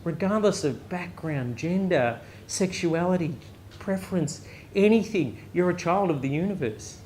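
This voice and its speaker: An Australian pastor delivers a loose, conversational sermon at a live service, full of jokes and quick "right?" asides. His voice sits a little higher than most men's. A faint background hum from the room runs under his talk. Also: expressive, darkish tone. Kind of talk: casual sermon. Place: chapel during a live service.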